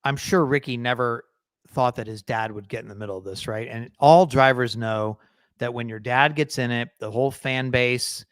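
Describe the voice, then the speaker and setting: A man's voice: mid-range voice, normal speed, clean tone, no echo. Rambling male podcast co-host. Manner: rambling, self-correcting, laughs easily. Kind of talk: casual podcast chat.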